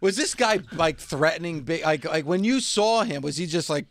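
A man's voice: on the high side, lively intonation, moderate pace, a bit bright. A man hosting a casual chat, curious and asking questions.

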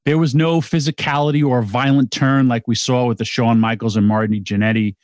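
Rambling excitable middle-aged man, podcast co-host, mid-pitched voice, dry close sound. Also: dry recording. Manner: excitable, rambling, quick restarts. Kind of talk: casual wrestling chat.

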